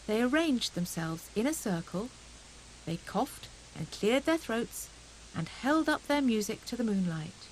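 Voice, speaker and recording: Slow, expressive woman reading a storybook. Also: a little high, slight background noise, low-quality recording. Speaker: audiobook narrator. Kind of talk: storybook narration.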